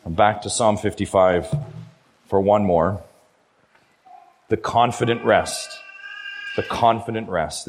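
A middle-aged man preaching a sermon as pastor, emphatic, his voice swinging between quiet low passages and loud high ones. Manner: emphatic preaching, rises and falls in pitch and loudness.

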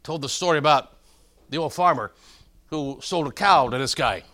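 A middle-aged man preaches in a high, bright, forceful voice. He spins folksy stories and keeps calling out to the congregation to follow along. His delivery rises and punches as he drives each point home. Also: moderate pace. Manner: folksy storytelling, calls out to congregation. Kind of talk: sermon with joke stories.

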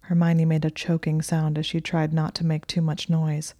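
Low flat whispering female narrator. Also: dry recording. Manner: slow, hushed and even.

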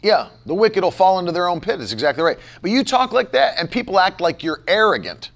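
A man's voice: high voice, sing-song, fairly quick. A man pastor preaching a sermon, emphatic and repetitive, firing off rhetorical questions.

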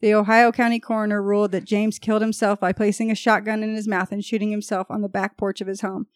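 A woman's mid-range, fast voice with little pitch movement comes through clean studio sound with no room sound. She hosts a podcast, reading out an old murder case and pausing for jokes and laughter with her co-hosts.

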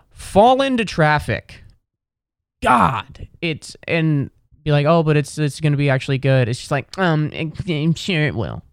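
A young man from Cincinnati, Ohio, now in New York City, rambles sardonically on his solo podcast and slips into mocking voices. His voice is a little high, with lively intonation and a smooth tone at a moderate pace, recorded at studio quality with no room sound.

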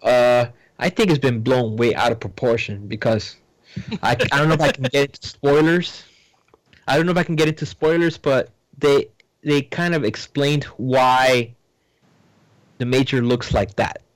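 A man's voice: medium pitch, fairly even intonation, normal speed, low-quality recording. Hesitant man in casual chat. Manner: hesitant, many ums and restarts.

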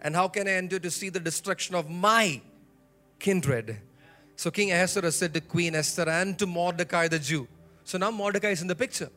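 A pastor preaching from the pulpit with a high voice. He leads his congregation in call-and-response and repeats key phrases with rising emphasis. Soft music plays faintly underneath him. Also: brisk. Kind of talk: sermon. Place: church sanctuary.

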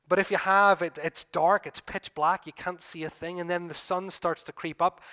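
A man gives a sermon as pastor, painting a gospel story vividly and addressing the audience as "you." His voice sits high at a moderate pace, surging to excited peaks before going quiet.

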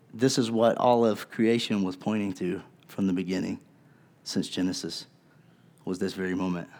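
A man's voice: fairly low pitch, darkish tone. A male pastor preaching a sermon in a conversational, earnest way, with casual asides to his congregation.

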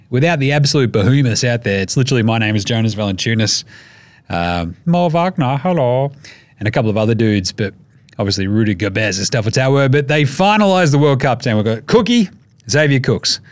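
A man's voice: medium pitch, dry recording. An Australian man hosting a casual sports podcast, talking in an irreverent, jokey and profane way. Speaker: podcast host.

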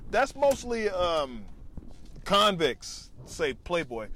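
A man's voice: fairly high pitch, expressive, unhurried, a bit bright, slight background noise. A man, a stand-up comedian, rambling profanely on tangents in a casual vlog, recorded on a lavalier mic into a phone. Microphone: lavalier mic plugged into a phone.

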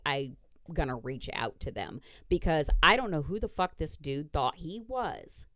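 A woman's voice: low voice, no echo. A woman podcast host casually retelling a story, blunt and profane, acting out the dialogue.

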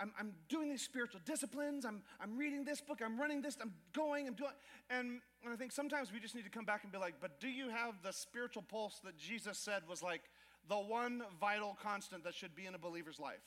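A man preaching a sermon as pastor, telling stories with lively acted-out asides and joking with the congregation. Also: very high-pitched. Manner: animated storytelling with acted asides to the crowd. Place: church auditorium. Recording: long hall reverb.

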